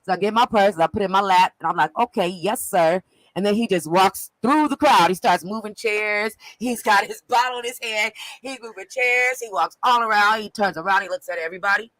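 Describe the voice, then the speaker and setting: Woman, casual gossip, lively storyteller, dry close sound. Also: mid-range voice, a little fast, hardly any pauses, no room sound, low-quality recording. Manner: animated storyteller, laughs often, acts out quotes. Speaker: co-host recapping an event.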